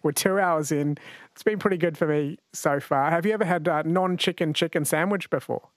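An Australian man with a somewhat high voice talks a little fast while hosting a radio quiz show. It's casual, jokey studio-mic chat punctuated by frequent laughter, with no echo.

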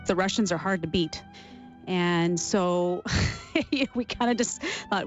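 A woman's voice: fairly low pitch, slow, faint music behind. Emotional woman recalling memories. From Canada. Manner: warm, emotional, laughs while recalling. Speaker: interview guest, former athlete. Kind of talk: reflective interview storytelling. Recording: dull lo-fi sound.

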